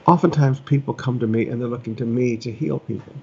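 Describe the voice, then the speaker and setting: In a sermon delivered from home, a middle-aged male pastor presses his points with repetition in an earnest, conversational style. His medium-pitched voice is gravelly, husky and dark-toned, rushing along with few pauses, and the sound is lo-fi.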